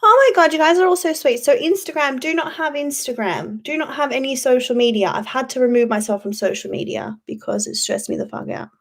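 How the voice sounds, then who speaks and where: A woman's voice: high voice, a little fast, few pauses. A woman hosting a casual livestream, rambling, swearing freely and answering chat. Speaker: YouTube livestream host.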